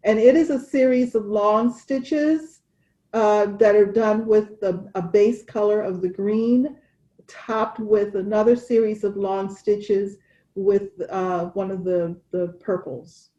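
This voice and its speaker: Woman co-host, unhurried, rambling friendly stitch talk. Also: medium pitch, fairly even intonation, warm tone, dull audio. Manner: chatty, wandering, with restarts and laughs. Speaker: cross-stitch podcast co-host. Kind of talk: casual chat showing stitching.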